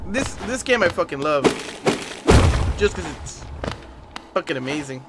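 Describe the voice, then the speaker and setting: A man streaming a video game live, chatting casually and excitably and swearing often, sounding tired. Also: a little high, unhurried, over loud music. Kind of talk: casual live gameplay commentary.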